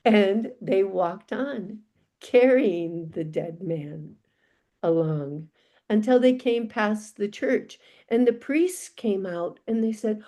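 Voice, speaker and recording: Slow, expressive woman storyteller. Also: mid-range voice. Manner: unhurried, expressive. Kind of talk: live folk-tale telling.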